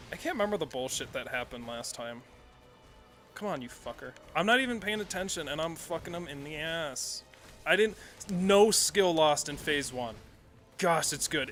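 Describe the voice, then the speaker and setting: Chatting casually while streaming a game, a man rambles, self-corrects and swears frequently. His voice is a little high, with a bright, forceful tone.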